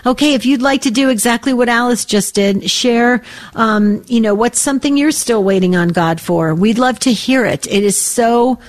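A woman co-hosting a call-in radio show, speaking warmly and with care to callers. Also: fairly high pitch, normal speed. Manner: warm, caring, prayerful.

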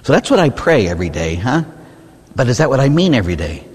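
A Catholic priest gives a conversational sermon in a large hall, his medium-pitched voice a little mellow and husky, quick-paced with big pitch swings. He keeps throwing short rhetorical questions at listeners, often ending with "huh?", and acts out prayers and complaints in changed voices.

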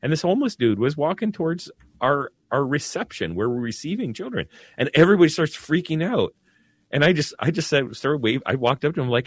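A Catholic priest speaks in a fairly high, husky voice at a brisk pace. He talks earnestly and animatedly in a casual discussion, often restarting his sentences.

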